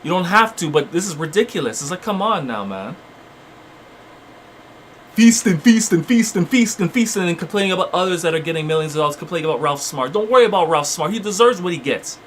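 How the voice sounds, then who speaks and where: A man's voice: on the high side, lively intonation, fast, few pauses, a bit bright, a little hiss or hum. A man hosting his channel, delivering fiery, repetitive spiritual motivational preaching. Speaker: channel host.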